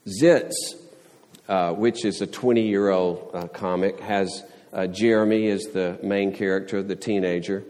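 A man's voice: sits low, steady tone, unhurried, a little mellow, in a large hall. A man preaching a sermon, earnest, pressing his points with rising questions and everyday illustrations. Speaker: pastor.

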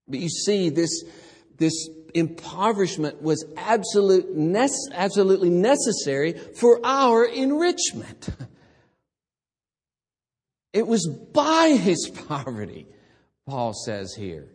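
Slow, dramatic male preacher in a hall. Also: mid-range voice, husky. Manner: slow, dramatic swings between hushed and loud. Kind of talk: sermon.

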